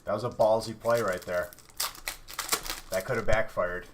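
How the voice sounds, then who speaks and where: A man with a somewhat low voice hosts a live card-opening stream and jokes and teases back at his chat. The crinkle of wrappers and shuffling cards comes through clearly behind him. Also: fairly even intonation, normal speed, a little hiss or hum. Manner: joking, teasing chat viewers. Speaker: livestream card breaker. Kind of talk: casual live-stream banter.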